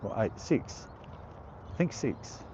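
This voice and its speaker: A man's voice: takes it slowly, warm tone, dull audio, slight background noise. A middle-aged Australian man hosting a casual live stream outdoors, reading viewer comments aloud and laughing often. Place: outdoor park.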